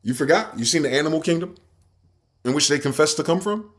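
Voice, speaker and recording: A man hosting his own show, ranting and swearing while he reads word definitions aloud, swinging between loud outbursts and low muttering. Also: expressive, quick pace. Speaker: podcast host.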